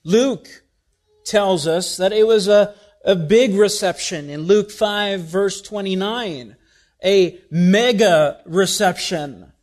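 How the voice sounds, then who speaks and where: A man preaching a sermon, reading scripture and asking his congregation rhetorical questions with wide swings in loudness. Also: high-pitched, slow.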